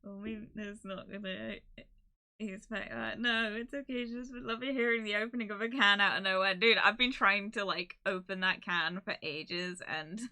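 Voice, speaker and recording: Bright, tearful young woman streamer. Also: mid-range voice, moderate pace. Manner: emotional, laughing and near tears. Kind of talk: casual live stream chat.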